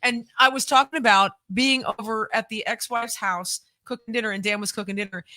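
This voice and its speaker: A woman co-hosting a live podcast in a casual, chatty way. Her voice is bright, and she eggs on her partner and repeats her little phrases. The recording is dry and close. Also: fairly high pitch, a little fast, hardly any pauses, no echo. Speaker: podcast co-host. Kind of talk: casual chat.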